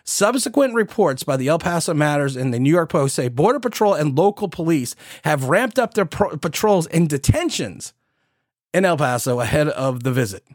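A man's voice: a little high, big pitch swings, normal speed, dry recording, clean studio sound. A man in his forties hosting a podcast, giving sarcastic, incredulous political commentary with mocking asides. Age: 40s. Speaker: podcast host.

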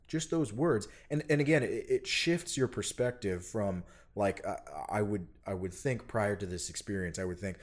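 A man, a parent, telling a personal story in casual conversation, earnest and animated, getting loud when he quotes himself. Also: on the low side, moderate pace. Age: adult parent. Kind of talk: casual chat.

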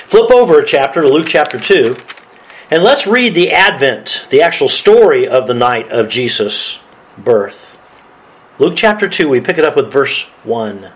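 A man's voice: mid-range voice, big pitch swings, measured pace, rough recording. A man preaching as a pastor, reading scripture aloud and laughing often. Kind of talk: sermon.

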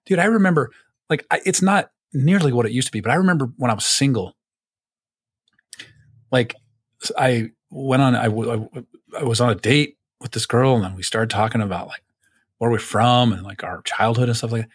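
A man's voice: medium pitch, a little fast, slightly rough, dry recording. Casual rambling man, dry close sound. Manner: rambling, lots of fillers and restarts; swears casually. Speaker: podcast co-host. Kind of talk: casual chat.

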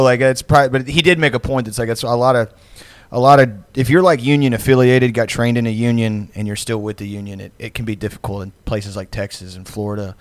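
A man's voice: mid-range voice, quick pace, hardly any pauses, no echo. A man co-hosting a podcast in casual chat, rambling and profane with lots of fillers, laughing often. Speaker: podcast co-host.

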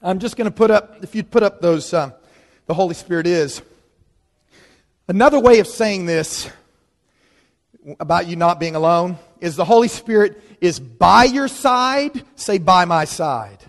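A man preaching a sermon in a lively, conversational way, leaning on dramatic pauses. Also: high voice. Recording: long reverb of a large hall.

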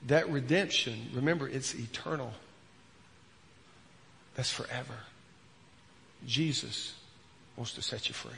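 A man preaching a sermon as a pastor, earnest, repeating words and dropping from loud to hushed. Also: medium pitch, measured pace, creaky, pauses often, in a large hall, slight background noise.

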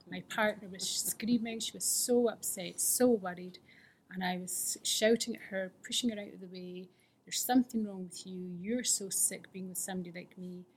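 Her voice is on the low side and gravelly, with a little hiss or hum in the audio, as she shares her recovery testimony with a fellowship. She speaks candidly and earnestly, often falling to a near-whisper.

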